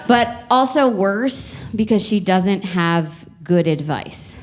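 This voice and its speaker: A young woman performs a stand-up comedy set into a club stage mic, her medium-pitched voice slow and expressive. She tells stories in a chatty, exasperated manner with playful emphasis.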